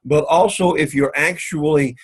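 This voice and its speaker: A man's voice: a little high, breathy edge, rough recording. Methodical man teaching Greek. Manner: methodical, repeats "so again", slow careful Greek pronunciation. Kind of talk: recorded class lecture.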